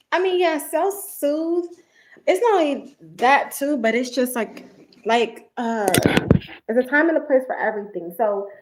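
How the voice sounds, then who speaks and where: Brief: outspoken woman host, livestream chat, slightly high voice, echoey room. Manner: blunt, animated storyteller.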